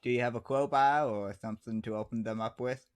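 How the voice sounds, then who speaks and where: A man running a tabletop game as game master, describing scenes in a plain, unhurried way. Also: mid-range voice, fairly even intonation.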